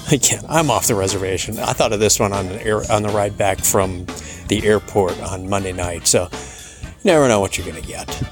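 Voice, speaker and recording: A man's voice: fairly low pitch, moderate pace, over music. A man in his forties from Michigan hosting a chatty, rambling solo podcast. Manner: chatty, rambling, laughs and restarts. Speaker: podcast host. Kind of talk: casual solo podcast monologue.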